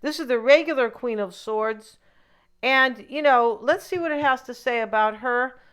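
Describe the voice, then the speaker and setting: A woman talking through a tarot reading in a loose, rambling way, often wandering off into opinionated asides. Her voice sits a little high and sounds smooth and clear. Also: moderate pace, a bit bright. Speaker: tarot reader. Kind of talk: casual tarot reading monologue.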